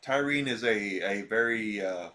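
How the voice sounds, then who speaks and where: A man's voice: fairly low pitch, unhurried, sharp tone, a little hiss or hum. A man streaming a video game, chatting casually and rambling as he plays. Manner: rambling, self-correcting, chatty. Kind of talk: casual gameplay commentary.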